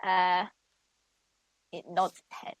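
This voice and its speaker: A woman's voice: fairly low pitch, flat delivery, takes it slowly, no echo, dull audio. A young woman narrating as dungeon master, hesitant and full of fillers. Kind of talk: narrating a tabletop game.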